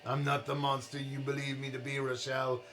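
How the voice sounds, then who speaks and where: A man's voice: mid-range voice, completely flat delivery, a little fast, a bit bright, faint music behind, lightly acted. A man voicing a bitter, scheming uncle who justifies his crimes. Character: bitter scheming middle-aged uncle, villain.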